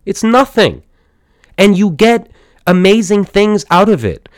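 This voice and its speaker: A man's voice: high-pitched, expressive, a little slow, clear, resonant tone, no echo, clean studio sound. A man hosting a casual solo podcast, rambling enthusiastically with many fillers and restarts. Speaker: podcast host.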